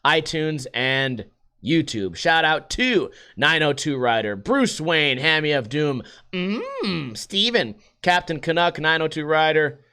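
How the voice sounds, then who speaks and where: A man's voice: a little high, expressive, slow, pushed and bright, clean tone. A man hosting a casual solo livestream podcast, rambling sarcastically and swearing freely. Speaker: podcast host.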